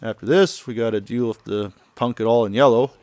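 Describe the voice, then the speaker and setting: A man's voice: medium pitch, brisk, a little mellow, faint music behind. A man giving offhand, rambling commentary over gameplay, translating the dialogue as he goes. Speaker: let's play commentator.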